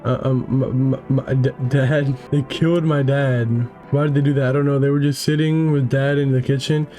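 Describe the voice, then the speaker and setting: A frightened little girl in a horror game, read by a man in nearly his own voice. She stammers and pleads, in a mellow tone with faint music behind. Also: medium pitch, level tone, normal speed, natural voice. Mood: scared. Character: scared young girl.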